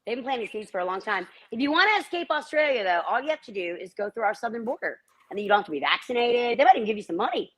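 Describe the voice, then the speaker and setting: A woman calling in to a live chat show, quick and emphatic, firm in her opinions. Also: fairly high pitch, lively intonation. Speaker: caller. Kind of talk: casual call-in chat.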